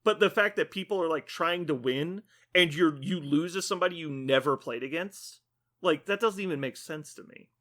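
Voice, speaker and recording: Podcast co-host, male, animated profane rant, bright tone. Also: on the high side, normal speed. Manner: animated, profane ranting with acted-out quotes. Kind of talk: casual podcast chat.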